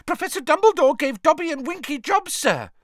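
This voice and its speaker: A man reading an audiobook, voicing an excitable male house elf who squeals and keeps saying sir. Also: fairly quick, no echo, studio quality. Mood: excited. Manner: squealing, shrill and excited, calls everyone sir. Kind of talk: audiobook character voice.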